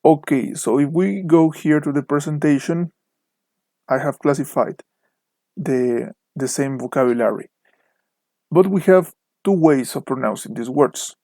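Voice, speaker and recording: A man's voice: a little high, measured pace, mellow, no room sound. A young man with a Mexican Spanish accent, a native Spanish speaker, teaching English online and carefully modeling the stress of word pairs. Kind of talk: online lesson narration over slides.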